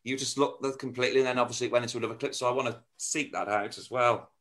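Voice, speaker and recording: A man's voice: mid-range voice, steady tone, racing, fairly bright tone. A man, hosting a chatty, casual interview and laughing easily.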